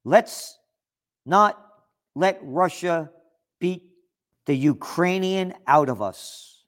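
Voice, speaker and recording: A man's voice: a little high, very slow. A man delivering an opinion monologue, reading out news articles and rebutting them in a sarcastic, indignant tone. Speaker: political commentator.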